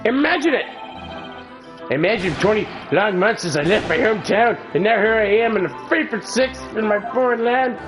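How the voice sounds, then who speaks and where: A man voicing an excitable, eccentric young male poet held as a prisoner, with theatrical shrill outbursts. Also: a little fast, low-quality recording. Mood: gushing. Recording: game music behind.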